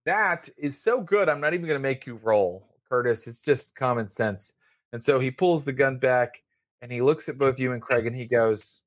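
A man's voice: medium pitch, animated, moderate pace, no echo, clean studio sound. A man narrating as game master in a tabletop role-playing game, with many fillers. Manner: rambling, filler-heavy narration.

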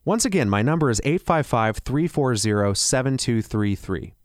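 Persuasive man pitching on the radio. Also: expressive, moderate pace, no room sound, studio quality. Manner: persuasive, rhetorical questions. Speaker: financial advisor.

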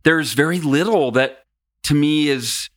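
A man in his forties appears as a podcast guest, sharing candid personal stories in an animated, self-mocking manner. His voice sits on the high side and he takes his time.

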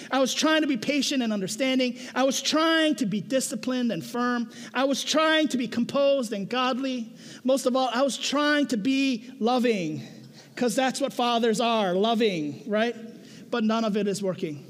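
A young man preaching in a very high voice, talking with his congregation more than at it and peppering each point with "right?". He tells stories with self-mocking humor. His voice rings with long reverb, as in a large hall. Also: moderate pace. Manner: conversational, keeps asking "right?". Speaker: pastor. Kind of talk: sermon. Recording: echoey hall.

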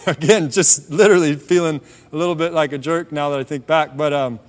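A man telling a personal faith story in a relaxed, conversational sermon, dropping softer on key points. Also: on the high side, brisk. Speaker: preacher sharing a testimony. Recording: long hall reverb.

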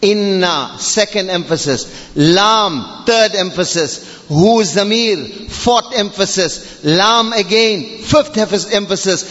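A man preaching a Friday sermon in a mosque, emphatic and impassioned, building to near-shouts. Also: high-pitched, slow pace, few pauses, in a large hall, highs cut off. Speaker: imam giving a Friday sermon.

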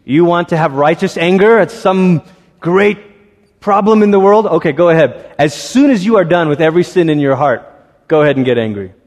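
A man's voice: fairly high pitch, normal speed, a little mellow. Man preaching with long hall reverb. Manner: conversational, acts out voices. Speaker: pastor. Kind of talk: sermon.

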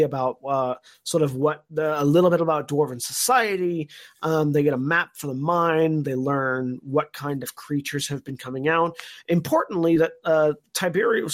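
A man co-hosting a podcast, recapping an episode at length in a thoughtful, filler-heavy way. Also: a little high. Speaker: podcast co-host. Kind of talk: casual podcast discussion.

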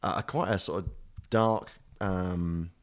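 A man's voice: low voice, fairly even intonation, slow pace. A British man co-hosting a podcast, chatting casually, rambling and self-mocking, swearing freely. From Britain. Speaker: podcast co-host. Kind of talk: casual chat.

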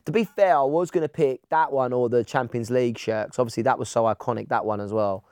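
A chatty man with an Essex accent tells stories as a podcast guest, tripping over his words and restarting. His voice sits at a mid pitch, recorded close and dry. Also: fast, a little mellow, smooth, dry recording. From England. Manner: chatty storyteller, many restarts. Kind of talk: casual chat.

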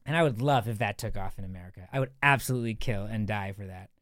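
Rambling male podcast host, smooth voice. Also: fairly low pitch, fast talker, fairly bright tone, no echo, studio quality. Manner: rambling, many fillers and restarts. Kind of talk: casual podcast chat. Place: tiny studio.

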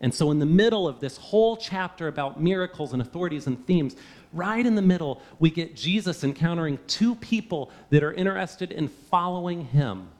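A man's voice: on the high side, expressive, brisk. A man preaching a sermon, earnest and emphatic, often asking the listeners rhetorical questions. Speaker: pastor.

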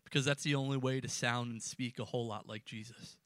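A man preaching a sermon to students, emphatic and rising, then dropping suddenly to quiet words. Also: mid-range voice, fairly even intonation, fairly quick, no echo, clean studio sound. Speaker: pastor.

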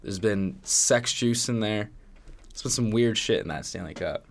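A young man from Canada co-hosting a podcast in casual chat, crude and animated, swearing often. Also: fairly low pitch, measured pace, creaky. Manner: crude, animated, swears a lot, does impressions. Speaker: podcast co-host.

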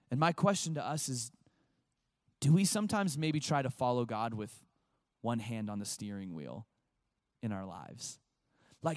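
A man pastor giving a casual, animated sermon to a young crowd, chatting and acting out short voices. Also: mid-range voice, no room sound, clean studio sound.

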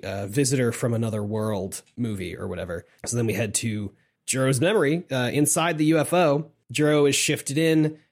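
A young man in casual chat, recapping a story, laughing and acting out lines. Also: mid-range voice. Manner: relaxed, laughing, acts out lines with swearing.

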